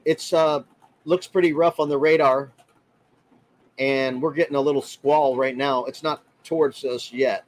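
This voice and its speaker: A man chats on a relaxed livestream from inside his RV. He talks at a middle pitch and greets his viewers one by one by name. His manner stays friendly and chatty. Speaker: livestream host. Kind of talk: casual livestream chat reading comments.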